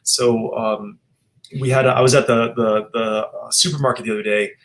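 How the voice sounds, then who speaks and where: A man's voice: medium pitch, fairly even intonation, moderate pace, a bit bright. A man, a chiropractor guest on a podcast, telling earnest stories with many restarts. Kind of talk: podcast interview chat.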